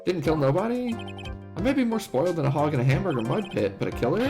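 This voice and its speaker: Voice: medium pitch, big pitch swings, fast talker, over music, voice pushed up. A streamer voicing a frightened young country man with a Southern US drawl, begging for help. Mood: pleading. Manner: drawling, desperate.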